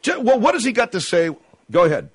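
A radio host fields callers with quick, excitable talk. His pitch is a bit high and jumps all over the place. His studio mic sounds close and dry. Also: husky, no room sound. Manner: excitable, incredulous, quick to move on. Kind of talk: call-in talk radio hosting.

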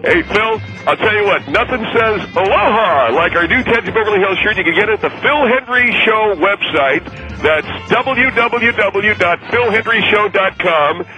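A man voicing an upbeat restaurant owner giving a salesy pitch in a comic radio bit. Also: lively intonation, normal speed, pushed and bright, faint music behind, low-quality recording.

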